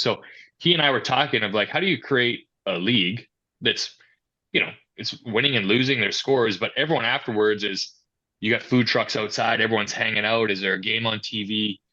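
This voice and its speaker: Interview guest: a man with a low, forceful voice who tells stories in a conversational way. The recording sounds dull. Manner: storytelling, quoting others in animated asides. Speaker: hockey youth and amateur coordinator. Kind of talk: podcast interview answers.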